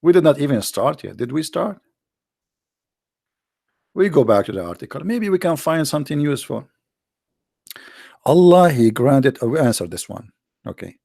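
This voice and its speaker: A man's voice: a little high, lively intonation, normal speed, gravelly, pauses often, mellow, no echo, studio quality. A man with an Arabic-accented English hosting a livestream, talking in a sarcastic, mocking casual commentary. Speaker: livestream host.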